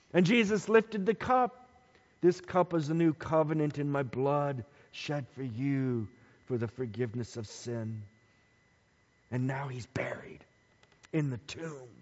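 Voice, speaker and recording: Slow emphatic preacher man in a hall. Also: medium pitch. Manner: dramatic, slow and emphatic with hushed passages. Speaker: pastor. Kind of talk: Easter sermon. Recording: dull sound with long hall reverb.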